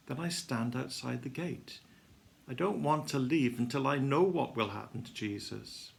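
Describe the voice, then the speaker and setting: A man giving a dramatic first-person devotional reading, telling the story with emotion that swings between hushed and loud. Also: mid-range voice, moderate pace, gravelly. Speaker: devotional reader.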